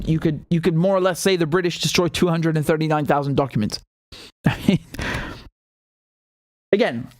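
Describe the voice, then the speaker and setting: Indignant man with a fairly high voice. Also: no room sound, studio quality. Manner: indignant, sarcastic, rising to emphatic outbursts. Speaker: host. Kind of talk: political commentary show.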